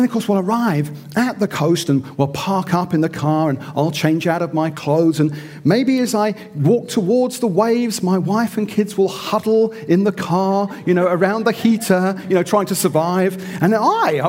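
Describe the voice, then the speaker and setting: A man's voice: high voice, a little mellow. A middle-aged man telling a self-mocking story in a theatrical, sermon-like style. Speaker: speaker.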